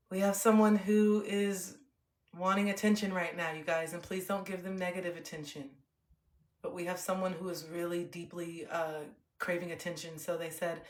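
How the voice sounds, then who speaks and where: A young woman livestreamer talking to her chat in a calm, earnest, open way. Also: on the low side. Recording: roomy echo.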